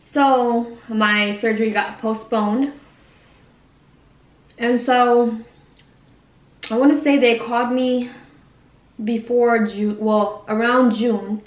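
Slightly high-pitched and fairly even in intonation, a young woman's voice sounds roomy in a low-quality recording. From a quiet room at home she chats through a casual mukbang, wandering in her talk, fixing her own words, and admitting she talks fast.

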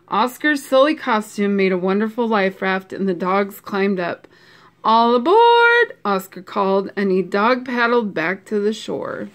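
A woman reads a picture book aloud in a gentle, expressive voice, stopping for playful asides. She takes her time, letting each line land slowly for young listeners. Her pitch sits comfortably in the middle. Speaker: storybook reader. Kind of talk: children's book read-aloud.

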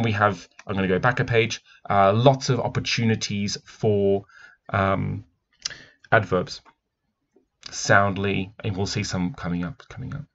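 Low gravelly guy doing a teacher breakdown of a kids book, kinda musing. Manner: thoughtful, musing, with frequent restarts. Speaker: teacher analysing a picture book. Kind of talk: read-aloud book analysis. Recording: dull lo-fi recording.

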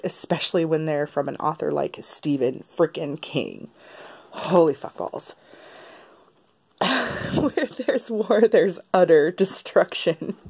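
A woman's voice: lowish voice, darkish tone. A young woman vlogging a casual unboxing at home, laughing often and swearing freely, recorded on a camera on a tripod. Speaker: book vlogger.

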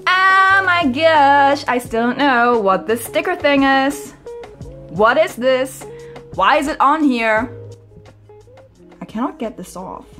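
A young woman vlogging a casual unboxing at home, excitable and chatty, quick to laugh and to squeal in frustration. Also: a little high, soft background music. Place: at home, washing machine running.

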